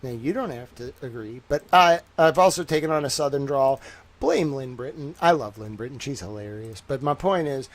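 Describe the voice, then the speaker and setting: A man's voice: medium pitch, animated, moderate pace. A man hosting a casual livestream. He rambles cheerfully to his viewers and thinks aloud while he types. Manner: chatty and upbeat with viewers. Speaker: livestream host.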